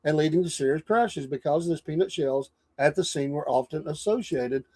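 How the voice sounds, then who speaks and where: Mellow-voiced earnest male host. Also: fairly high pitch, a little fast. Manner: earnest, thankful wrap-up, repeats himself. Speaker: show host.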